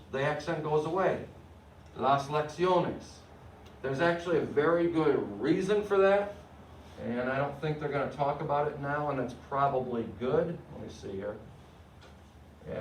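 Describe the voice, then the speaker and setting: A man's voice: on the high side, slight background noise. Teacher guy explaining spanish grammar, asks if you get it, sounds a bit far off in a roomy space. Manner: explaining step by step, frequent checks for understanding. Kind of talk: classroom lecture. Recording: echoey room, mic at a distance.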